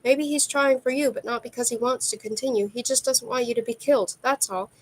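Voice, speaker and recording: A woman's voice: fairly high pitch, fairly even intonation, a little fast, close to an everyday voice, rough recording. A woman reading as an earnest young male god. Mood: pleading. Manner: urgent, insistent pleading.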